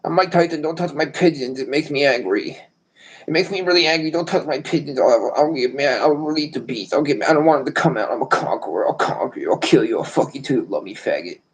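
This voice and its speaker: A man putting on a high, whiny impression of a famous boxer that swings between scared and threatening. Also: expressive, quick pace, breathy edge, poor audio. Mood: scared, menacing.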